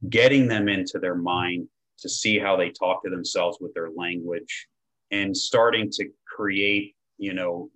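A man from Florida, a men's coach, talking in an energetic, slangy way with casual swearing in a relaxed podcast chat. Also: deep voice, rough recording. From Tampa, Florida.

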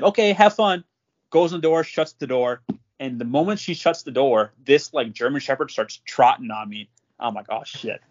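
A man hosts a casual podcast and spins a rambling tale, full of fillers and restarts. His voice sits at an everyday middle pitch. The recording is muffled and lo-fi. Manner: rambling, filler-heavy, lots of "like". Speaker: podcast host. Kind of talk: casual storytelling chat.

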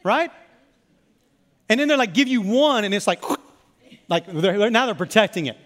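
A man preaching a sermon as pastor, telling animated stories and calling on the congregation to repeat after him. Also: high voice, normal speed. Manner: animated storytelling, calls for congregation responses. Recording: long hall reverb.

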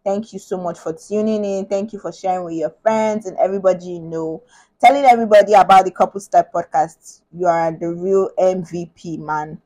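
A woman's voice: on the low side, steady tone, a little fast, dark tone, poor audio. Bubbly, laughing woman podcast host. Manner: bubbly, laughs often, thinks aloud with restarts. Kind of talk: casual podcast chat.

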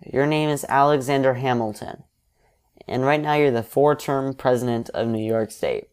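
Male narrator for alternate history, steady and explanatory, mid-range voice. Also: mid-range voice, normal speed, smooth.

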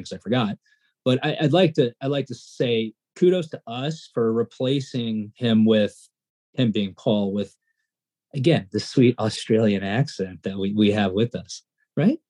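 A male podcast co-host with a mellow, slightly husky voice talks in loose, casual banter. He rambles and gets excitable, and his pitch climbs when he's fired up.

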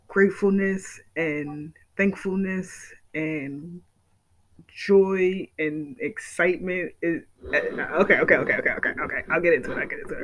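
Podcast host, male, high-pitched, excitable, gushy, repetitive, swears casually. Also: low-quality recording. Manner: excitable, gushing, repeats himself, swears. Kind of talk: casual solo podcast chat.

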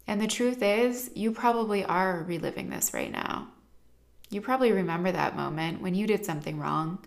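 A woman in her thirties, a parent, talking earnestly to camera in a casual, chatty way, full of "like" fillers. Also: medium pitch.

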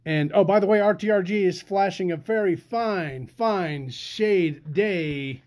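A man hosts a casual podcast in a loose, rambling way. He drifts from topic to topic, full of ums and restarts. His voice sits slightly high for a man. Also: a little slow, a little mellow. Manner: rambling, chatty, lots of fillers and restarts. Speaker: podcast host. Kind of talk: casual chat.

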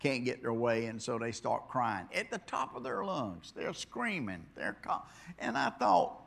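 A man preaching a sermon, rambling and repeating himself, dropping to quiet asides and then rising to loud exhortation. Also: mid-range voice, very animated, measured pace, creaky. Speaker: pastor.

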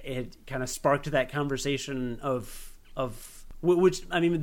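A young American man co-hosting a casual podcast, rambling with self-deprecating asides and many restarts. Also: mid-range voice. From United States. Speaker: podcast co-host. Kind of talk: casual chat.

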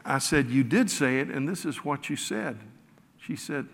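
A man's voice: mid-range voice, expressive, normal speed, gravelly, background noise. A man preaching a sermon, telling stories about himself with a self-deprecating touch and frequent restarts. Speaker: pastor. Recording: long hall reverb.

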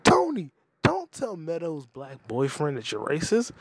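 A man hosting a comedy podcast, ranting casually with lots of profanity and quick jumps between topics. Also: on the high side, very animated, breathy edge, dry recording. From United States. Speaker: podcast host.

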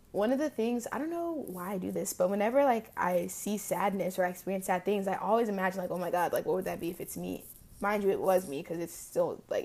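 Young woman in her 20s talking through a sad memory, casual and reflective, lots of "like", mid pitch. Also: a little mellow. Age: early 20s. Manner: casual, reflective, frequent "like" fillers. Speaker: podcast host. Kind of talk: personal storytelling monologue.

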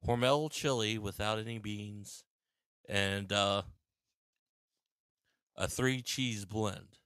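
A man in a casual podcast chat, talking hesitantly and haltingly a bit away from the mic. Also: lowish voice, fairly bright tone, smooth, no room sound, studio quality.

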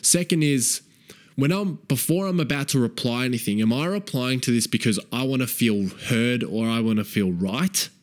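A man's voice: medium pitch, moderate pace. A man coaching fathers in a frank, profane way. He keeps asking "right?" and repeats key phrases for emphasis. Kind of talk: direct-to-camera advice talk.

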